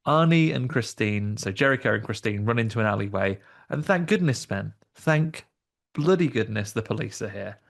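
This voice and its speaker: This film podcast co-host has a low-leaning, expressive voice with vocal fry and a moderate pace. Playful throughout, he reenacts lines from the film using funny voices in the casual review.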